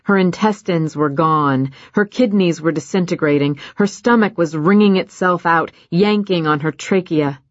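A woman reading a novel aloud in measured scripted narration, on dry, slightly muffled audio. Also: fairly low pitch, dry recording.

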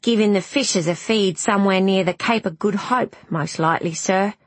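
A woman's voice: medium pitch, moderate pace, dry recording, natural voice. A woman voicing a deferential working-class male crewman who speaks in rustic dialect.

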